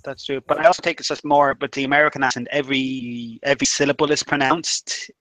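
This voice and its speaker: A man's voice: medium pitch, level tone, fast talker, fairly bright tone, no echo, low-quality recording. Offhand man, dry close sound. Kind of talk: casual chat.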